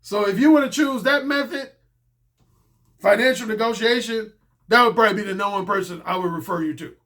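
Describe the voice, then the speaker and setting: This man talks fast in a high, slightly bright voice. Playing the dating coach, he's blunt, casual and profane, hammering home his main points by repeating them.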